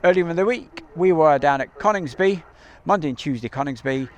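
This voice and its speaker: A man's voice: a little high, expressive, brisk, slight background noise. A man hosting a casual live stream outdoors near an airbase, chatting in a rambling way with many ums and uhs, recorded on a camcorder mic.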